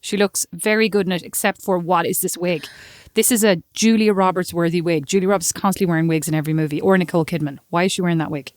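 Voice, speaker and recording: A woman's voice: fairly low pitch, steady tone, a little mellow, no room sound. Irish woman podcast co-host, teasing and wry, dry close mic. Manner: wry, quick-fire, teasing. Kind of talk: casual chat.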